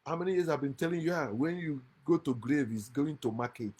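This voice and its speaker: Man hosting his own channel, emphatic lecturing monologue, raised pitch, bursts of laughter. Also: animated, fairly quick, breathy edge. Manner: emphatic, lecturing, swings from loud outbursts to quiet asides; laughs often mid-speech. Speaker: channel host. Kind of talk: impassioned monologue against religion. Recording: lives in America.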